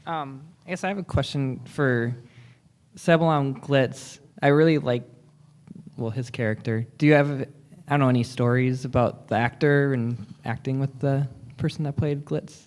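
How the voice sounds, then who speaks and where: A man in the audience asking the guest a question in a hesitant, halting way. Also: mid-range voice, darkish tone, smooth.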